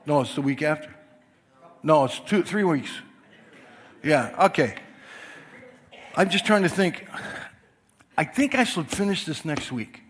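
An older man delivers a sermon from his church's pulpit. He talks in a chatty, loose way, breaking into laughter, with a voice pitched a little high for a man. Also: expressive, a little slow, long pauses, husky. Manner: chatty, apologetic, laughs often. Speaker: pastor.

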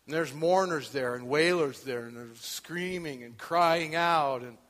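A man preaching a sermon in church, swinging from quiet talk to loud shouting. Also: a little high, measured pace, in a large hall. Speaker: pastor.

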